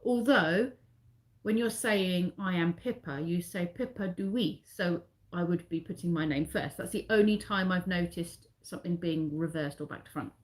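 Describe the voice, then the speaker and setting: A woman's voice: lowish voice, normal speed. A middle-aged Englishwoman chatting with her live viewers. She rambles, loops back and corrects herself, and her tone stays friendly and informal. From England. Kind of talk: casual live-stream chat.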